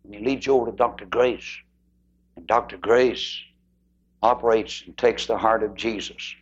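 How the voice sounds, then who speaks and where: A man preaching a sermon who moves emphatically between loud declarations and hushed asides. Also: lowish voice, fairly even intonation, normal speed, husky, lo-fi sound.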